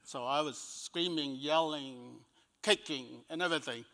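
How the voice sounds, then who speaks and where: His voice sits on the high side, gravelly and bright, with a forceful tone and a slightly slow delivery. He's an older evangelist with a Cambodian accent telling an interviewer about his life, acting out people's words and chuckling between sentences, all heard through long, echoey reverb.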